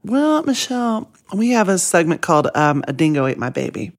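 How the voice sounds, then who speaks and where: A woman co-hosting a comedy podcast, playful and unhurried in casual chat. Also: lowish voice, very animated, faint music behind. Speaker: podcast co-host.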